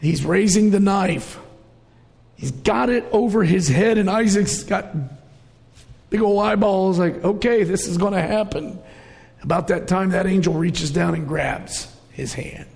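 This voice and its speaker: Middle-aged male preacher, high gravelly voice, emotional storyteller, big reverberant church hall. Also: unhurried. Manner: storytelling, emotional, rising to shouts. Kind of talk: sermon.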